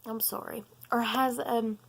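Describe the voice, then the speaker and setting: A young woman, talking in an earnest, halting vlog while tearful and sobbing, with many pauses and ums. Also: fairly high pitch, level tone. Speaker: vlogger. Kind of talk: personal confessional vlog.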